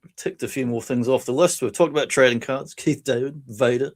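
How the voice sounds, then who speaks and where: A man co-hosting a laid-back podcast. He tells stories with animated energy, laughing between lines and jumping into quoted voices. His pitch sits in the ordinary middle range for a man. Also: fairly quick. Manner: animated storytelling, laughs often, acts out quotes. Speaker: podcast co-host. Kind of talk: casual chat.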